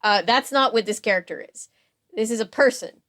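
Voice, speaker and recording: With a fairly high, fairly bright voice and a slightly fast pace, this podcast co-host keeps the conversation casual. She sounds amused and chatty, often using fillers and starting sentences over.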